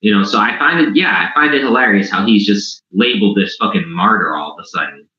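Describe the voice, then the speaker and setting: A man with a very deep voice rambles bluntly and profanely in casual chat. The audio is dull and roomy. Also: fast talker, bright, forceful tone, slight background noise. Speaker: stream panelist.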